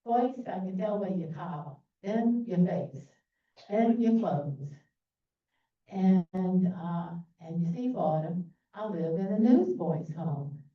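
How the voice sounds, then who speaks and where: A woman's voice: lowish voice, lively intonation, slow. A woman voicing a cheeky, street-smart young newsboy who talks brash slang, with a tinny, echoey sound from far off. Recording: echoey, distant, phone-like sound.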